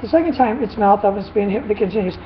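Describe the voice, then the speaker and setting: A woman dog trainer chatting casually in a vlog, retelling a dispute in an animated, rambling way with frequent laughs. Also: medium pitch, racing. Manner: animated storytelling, laughs often. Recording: dull lo-fi with faint noise.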